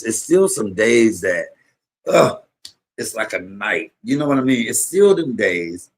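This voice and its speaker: A man hosting a livestream, giving an emotional, preacher-like testimony to his viewers, shifting from low murmurs to high exclamations. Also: sing-song, a little slow. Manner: preacherly, call-and-response to viewers. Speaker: livestream host, comedian.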